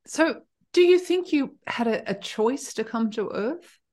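A woman hosting an interview, asking questions in a gentle, appreciative way. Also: a little high, animated, unhurried. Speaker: host.

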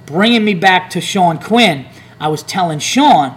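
A man with a slightly raised pitch tells a long, swearing-laden story in casual podcast chat. He rambles and acts out other people's lines. A faint hum sits under the recording. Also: animated, unhurried, fairly bright tone. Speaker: comedian podcast host.

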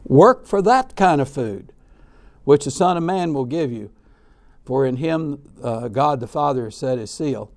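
A man preaching a sermon on baptism in an emphatic way, with frequent restarts and repeated words, shifting loudness and pace. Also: medium pitch, expressive, measured pace.

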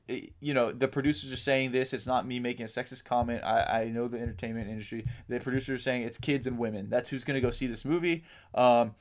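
A man co-hosting a podcast, talking casually in a rambling way, with lots of ums and casual swearing. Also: medium pitch. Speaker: podcast co-host. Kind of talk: casual chat.

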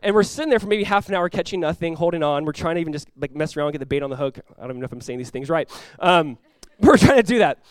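A man, a pastor telling a lively personal story in a sermon, often laughing as he talks. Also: fairly high pitch, very fast, smooth, no echo.

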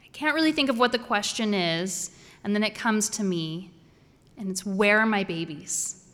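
A woman's voice: medium pitch, expressive, moderate pace, fairly bright tone. Wry woman telling a story on stage. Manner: wry, humorous, conversational. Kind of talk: live personal storytelling. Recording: echoey hall.

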